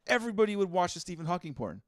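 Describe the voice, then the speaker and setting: A man's voice: sits high, very animated, rapid-fire, a bit bright, no room sound. Man, podcast co-host, dry close sound, blunt profane riffing, lots of fillers. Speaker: podcast co-host reading listener posts. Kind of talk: casual comedic chat.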